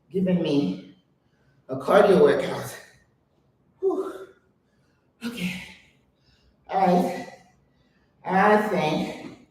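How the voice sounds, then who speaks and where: An older woman talks slowly and breathlessly as she leads a home workout, counting each rep aloud. Her voice bounces around a very echoey room. She sounds a little distant from the microphone, with faint noise underneath. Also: lowish voice, darkish tone. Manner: chatty, coaching, counts reps aloud. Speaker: exercise vlogger. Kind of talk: guided home workout chat.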